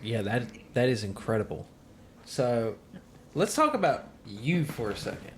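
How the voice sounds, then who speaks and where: A man from South Carolina, hosting a casual interview with short reactions and relaxed questions. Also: mid-range voice, unhurried, a little hiss or hum. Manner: brief reactions and conversational questions. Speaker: podcast host.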